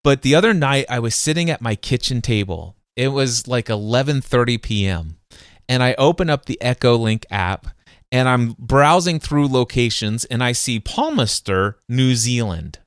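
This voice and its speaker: Smooth-voiced, animated male podcast host. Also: medium pitch, moderate pace, dry recording, clean studio sound. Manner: animated, acts out sounds and voices in anecdotes; frequent restarts and stumbles. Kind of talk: excited conversational storytelling.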